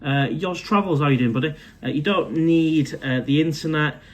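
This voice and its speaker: A man's voice: fairly high pitch, normal speed. A man, casually chatting on a live stream from his condo, reading out viewer comments and calling everyone mate. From England.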